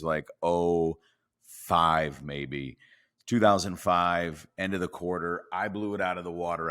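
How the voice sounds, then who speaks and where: Guest storyteller, male, deep voice, acts out the dialogue. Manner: animated storyteller acting out dialogue. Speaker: podcast guest. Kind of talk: storytelling in a podcast interview.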